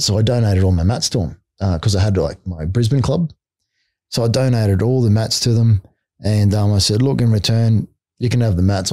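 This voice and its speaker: Middle-aged Australian man, podcast guest and coach, blunt and casual with a lowish, relaxed tone. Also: no echo, studio quality. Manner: blunt, swears freely, peppers speech with "mate" and "like". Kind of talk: casual storytelling chat.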